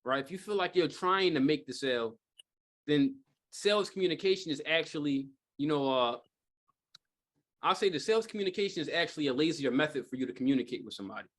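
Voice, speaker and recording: A man's voice: a little high, lively intonation, fast talker, fairly bright tone. Casual, rambling male sales trainer. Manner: casual, rambling, lots of fillers and rhetorical "right?". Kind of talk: live sales training talk. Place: training room with a live audience.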